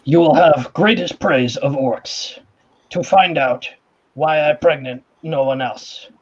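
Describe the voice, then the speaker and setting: A man's voice: on the high side, slow pace, husky, pitched below the performer's own voice. A man voicing a pregnant female orc who speaks in clipped, broken sentences, in a dull lo-fi recording. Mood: threatening. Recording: dull lo-fi audio.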